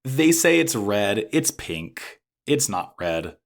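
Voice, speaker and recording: A man casually recapping an anime episode as podcast co-host, animated and swearing freely. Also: lowish voice, gravelly. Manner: animated, swears freely, acts out characters' lines in quick bursts.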